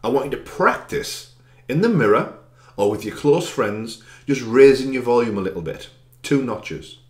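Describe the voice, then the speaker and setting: A man's voice: mid-range voice, animated, moderate pace, roomy sound. A man working as an anxiety coach gives a direct, encouraging self-help talk, stressing chosen words with extra volume.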